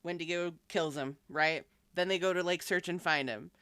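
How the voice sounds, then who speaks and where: A young woman co-hosting a casual podcast chat, riffing in an animated, exasperated, profane way. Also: fairly low pitch, normal speed, smooth, dry recording. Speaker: podcast co-host.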